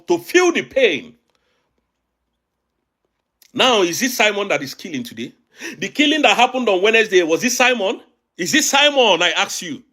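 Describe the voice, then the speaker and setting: A man's voice: high-pitched, a bit bright. A man with a Nigerian accent giving emphatic, agitated political commentary as an online show host, often repeating phrases. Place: abroad, recording a video.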